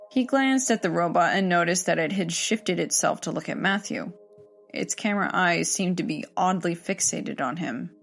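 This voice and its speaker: A woman reading a horror story aloud in a steady, measured storytelling manner. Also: on the low side, vocal fry. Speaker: story narrator.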